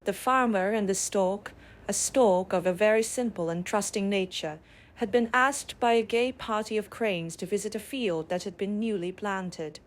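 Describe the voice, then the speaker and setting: A woman narrating bedtime fables in a calm, measured way. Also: mid-range voice. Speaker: storyteller.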